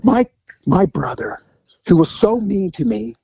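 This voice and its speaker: Animated man telling a story. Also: a little slow, gravelly, slightly rough, dry recording, rough recording. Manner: animated storyteller, acts out quotes in high voices. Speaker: podcast co-host. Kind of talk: casual storytelling chat.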